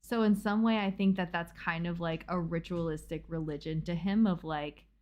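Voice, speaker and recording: Young woman, book club co-host, casual chat, halting, thinking aloud. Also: fairly low pitch, steady tone, darkish tone, dull audio. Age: young adult. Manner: halting, restarts sentences while thinking.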